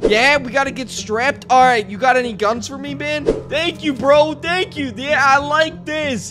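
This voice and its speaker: A young man giving excited gameplay commentary, jumpy and yelping and shouting in panic. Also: extremely high pitch. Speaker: gaming YouTuber. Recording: music playing behind the voice.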